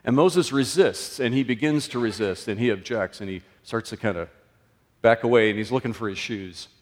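A man preaching a sermon in a conversational way, his voice often rising and then dropping low and soft. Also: moderate pace. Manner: conversational, with sudden lifts and drops in pitch and loudness. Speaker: pastor. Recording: long reverb of a large room.

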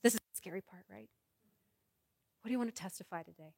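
Woman, pastor, sermon, rhythmic repeated phrases, mid pitch, dry close sound. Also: fast, creaky, darkish tone, slightly rough, no room sound, big-room sound. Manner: rhythmic, repetitive preaching cadence; leads congregation in prayer.

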